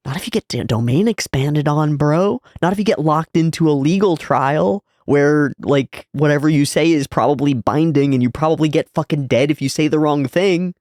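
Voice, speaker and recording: A man's voice: fairly high pitch, moderate pace, few pauses, a little mellow, dry recording, studio quality. A man hosting an anime reaction, chatting casually and swearing now and then.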